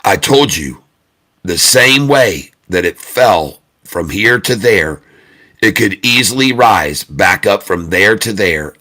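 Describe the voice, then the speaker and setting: Loud, excitable male trading streamer. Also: fairly low pitch. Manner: loud, excitable, repeats himself for emphasis. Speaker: day-trading livestream host. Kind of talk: live trading stream chat.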